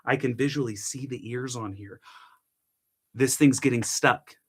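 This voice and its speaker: A young man hosting a casual coffee-brewing vlog, chatty and quick to grumble at his equipment with mild curses. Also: medium pitch, a bit bright, a little hiss or hum. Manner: chatty, mild cursing, gets frustrated with gear. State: annoyed. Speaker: coffee channel host.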